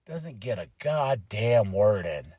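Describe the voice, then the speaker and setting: A man's voice: slow, slightly rough, no echo. A man hosting a podcast, recapping a wrestling show in casual chat, exasperated and playing out people's reactions. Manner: animated, exasperated, mimics people with his voice jumping up high. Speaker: podcast host.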